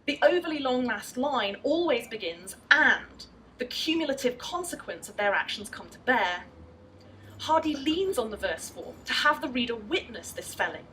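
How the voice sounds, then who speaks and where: Woman lecturer, fairly high pitch, measured and expressive with verse, recorded from a distance in a festival venue. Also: slight background noise. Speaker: literary scholar giving a lecture. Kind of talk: formal lecture with poetry readings.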